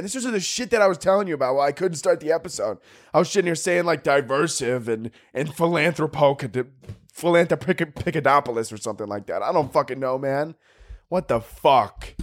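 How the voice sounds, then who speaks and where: A young man hosting a podcast, riffing in a profane, rambling comic monologue and often breaking into squeaky impressions. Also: animated, brisk, dry recording, studio quality. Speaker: podcast host.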